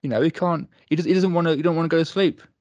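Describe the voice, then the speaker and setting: A man's voice: a little high, rapid-fire, a little mellow, no room sound, muffled recording. A British man co-hosting a casual chat, easygoing and agreeable, laughing along with his partner. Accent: British English. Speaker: podcast co-host.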